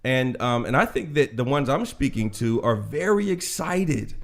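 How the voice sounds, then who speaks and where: A man in his forties talks straight to the audience in a podcast discussion, earnest and impassioned. His voice is mid-pitched and he leans into each point with conviction. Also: very animated, moderate pace, creaky. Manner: earnest and impassioned, addresses listeners directly.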